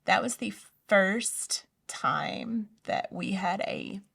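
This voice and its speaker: Soft-spoken woman with a gravelly voice. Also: medium pitch, extremely slow, distant mic. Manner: soft-spoken, often dropping to a near whisper. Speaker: interview guest. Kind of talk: personal testimony in a conversation.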